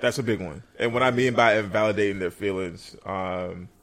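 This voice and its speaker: A man with a fairly low voice talks in an easygoing, slangy way during a relaxed conversation. He strings his thoughts together loosely with lots of "like" and "you know.". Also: brisk. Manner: laid-back, slangy, lots of "like". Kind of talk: casual chat.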